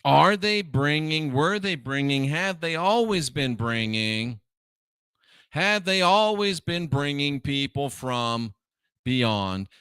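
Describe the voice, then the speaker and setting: Bright, emphatic man lecturing on scripture. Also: a little high, animated, slow pace, clean tone, no echo, studio quality. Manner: emphatic, repeats phrases for stress, wry asides. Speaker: host. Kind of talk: religious commentary monologue.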